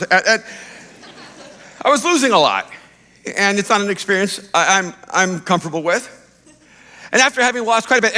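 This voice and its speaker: A middle-aged man preaching a sermon as pastor, telling a self-deprecating story in an animated way. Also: high-pitched. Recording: long hall reverb.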